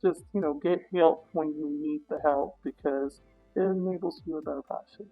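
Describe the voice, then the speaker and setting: Woman guest telling a story, loud and profane, dull lo-fi sound, faint music behind. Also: low voice, normal speed, husky. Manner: animated, profane, acts out her own reactions. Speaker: interview guest. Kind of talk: casual storytelling.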